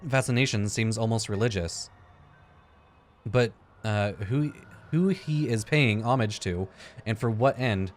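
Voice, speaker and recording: A man's voice: on the low side, slight background noise. A man giving casual gameplay commentary, thinking aloud, joking and swearing as he plays. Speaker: let's play gamer.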